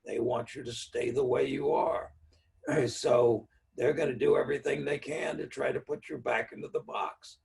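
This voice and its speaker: Very gravelly man teaching from afar. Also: mid-range voice, fairly even intonation, moderate pace, a little mellow, distant mic. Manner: plainspoken teaching with everyday examples. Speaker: NLP trainer giving a talk. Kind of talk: virtual speaker-series talk.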